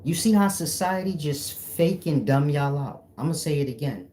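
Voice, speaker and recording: A man acting as a spiritual teacher, lecturing his viewers bluntly in a firm, defined voice with no softness. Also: on the high side, expressive, normal speed, a little hiss or hum. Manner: blunt, lecturing, scolding the audience. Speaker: self-styled spiritual teacher. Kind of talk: preachy solo monologue to viewers.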